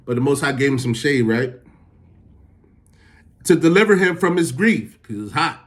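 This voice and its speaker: A man's voice: medium pitch, lively intonation, normal speed, fairly bright tone. A man reading Bible verses aloud and retelling them in casual, slangy everyday talk. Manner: reads verses, then paraphrases them in slangy street talk. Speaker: Bible teacher. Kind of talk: casual scripture teaching.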